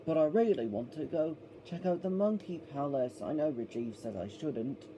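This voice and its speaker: A man's voice: a little high, animated, moderate pace, noisy background, close to an everyday voice. A man putting on the voice of a cheeky young male tank engine from a children's cartoon, in a casual impression. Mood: eager.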